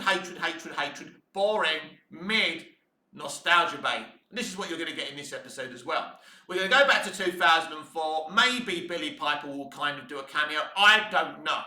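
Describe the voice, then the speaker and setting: Man, high-pitched, ranting fan commentary, profane, echoey room. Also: animated, moderate pace. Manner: profane, swinging from muttering to shouting.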